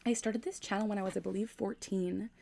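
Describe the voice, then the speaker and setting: A woman's voice: medium pitch, steady tone, brisk, vocal fry, mellow. A woman in her twenties chatting casually on a livestream from her room at night, keeping her voice down as she reads comments. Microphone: gaming USB microphone.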